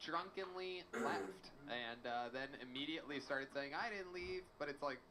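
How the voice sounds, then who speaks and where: A man's voice: on the high side, measured pace, bright, forceful tone, slight background noise. A man hosting a comedy show, telling stories playfully and laughing often. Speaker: host.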